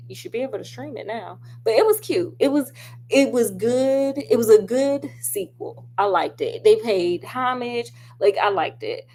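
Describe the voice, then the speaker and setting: A woman's voice: a little high, darkish tone, slight background noise. A woman chatting casually about a film with lots of asides, talking straight to her viewers while she does crafts at home. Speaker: film reviewer.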